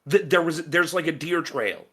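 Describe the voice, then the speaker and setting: A man's voice: on the high side, normal speed, sharp tone, husky. A man playing a tabletop role-playing game, talking in character and stammering when he gets flustered. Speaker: player.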